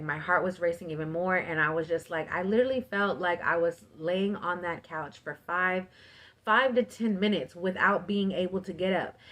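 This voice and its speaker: Woman vlogger, lower voice, animated storytime full of fillers. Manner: filler-heavy, animated retelling with "like". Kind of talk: casual storytime vlog.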